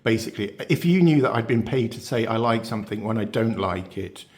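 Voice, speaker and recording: Guy rambling to his viewers, lowish voice, ums and restarts everywhere. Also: animated, a little fast. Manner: chatty, rambling, many fillers and restarts; asks viewers rhetorical questions. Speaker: beauty channel host. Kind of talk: casual talk to camera.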